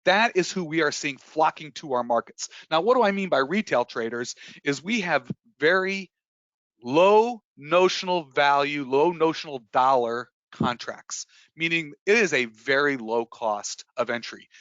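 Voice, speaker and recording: A man presenting a live trading webinar in a bright, forceful voice, chatty and emphatic, with plenty of filler words and restarts. The sound is dry and a little dull, like a webinar mic. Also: fairly high pitch, animated, measured pace, dry recording.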